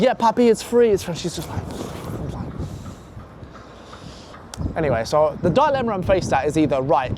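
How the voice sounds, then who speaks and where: A young man casually telling a profane, animated story and acting out the other voices in it. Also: high voice, a little hiss or hum.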